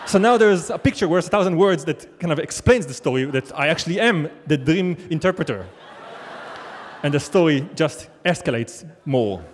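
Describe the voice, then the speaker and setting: Here the storyteller's voice is on the high side and expressive, at a moderate pace, as he recounts a true story wryly and self-deprecatingly on a big theater stage. Long theater reverb fills the recording, along with slight background noise.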